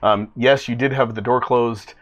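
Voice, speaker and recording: Halting man running a tabletop game. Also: mid-range voice, steady tone, a bit bright, muffled recording. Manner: halting, filler-heavy narration. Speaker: game master.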